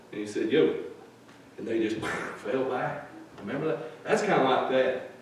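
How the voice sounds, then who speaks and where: Pastor preaching in an echoey church. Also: male voice, mid-range voice, measured pace, recorded from a distance, a little hiss or hum. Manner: plain-spoken, folksy storytelling. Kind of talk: sermon. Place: church sanctuary.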